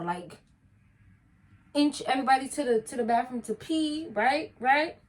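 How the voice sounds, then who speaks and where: A young woman tells a personal story in a casual, blunt, profane and animated way. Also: on the high side. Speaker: vlogger.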